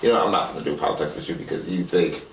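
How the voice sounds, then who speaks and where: A man's voice: low-pitched, racing, creaky, roomy sound, recorded from a distance, slight background noise. A man co-hosting a casual podcast, joking and swearing freely. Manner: loose, joking, swears a lot. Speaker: podcast co-host.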